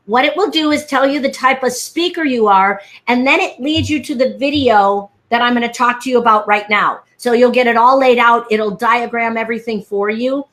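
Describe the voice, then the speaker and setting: Woman, high voice, animated storyteller, speaking coach, headset mic on a video call. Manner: fast, lively storyteller, acts out quotes in a high voice. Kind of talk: animated live-stream chat.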